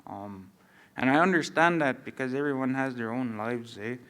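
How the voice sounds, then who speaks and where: A man on a panel who grew up on a reserve, speaking hesitantly and reflectively with many pauses. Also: mid-range voice, animated, fairly bright tone. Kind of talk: panel discussion.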